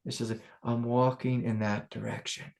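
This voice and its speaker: A man's voice: mid-range voice, normal speed, gravelly. Man giving a casual spiritual talk. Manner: casual storytelling, animated. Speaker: spiritual teacher. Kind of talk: satsang talk.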